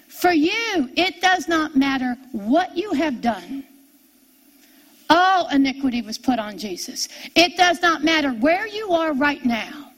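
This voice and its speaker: A woman preaching a sermon, repeating her key phrases and swinging between raised declarations and hushed asides. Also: high voice.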